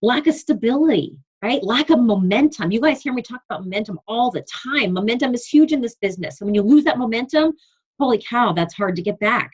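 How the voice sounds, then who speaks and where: An earnest young woman coach leads her team through a motivational call, emphatic and heartfelt. Her voice is husky with some breath in it. The audio is a bit dull and lo-fi, like an online call. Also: fairly high pitch, animated, brisk. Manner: earnest and emphatic, reading from notes. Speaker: fitness business coach leading a team call.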